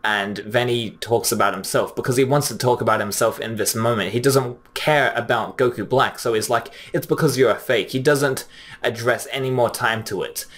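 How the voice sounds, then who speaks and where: A young man giving casual, chatty commentary, often pausing with fillers and restarting his sentences. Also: mid-range voice, fairly even intonation, a bit bright. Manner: chatty, frequent fillers, restarts, reads quotes plainly. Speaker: anime commentary host. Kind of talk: casual commentary comparing dub lines.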